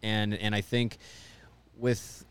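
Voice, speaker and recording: Low-voiced man, halting and reflective. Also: little pitch movement, clean tone. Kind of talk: casual sports talk show chat.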